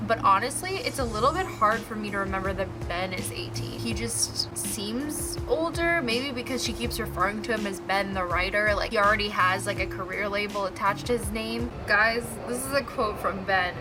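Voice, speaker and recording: A young adult woman chatting excitedly and gushingly in a casual reading-reaction vlog. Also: mid-range voice, moderate pace, over loud music. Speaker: book vlogger.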